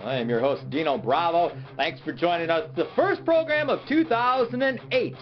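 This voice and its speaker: A man's voice: fairly high pitch, expressive, normal speed. A man hosting a comedic mock sports talk show, pompous and self-important. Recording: dull lo-fi sound with music behind.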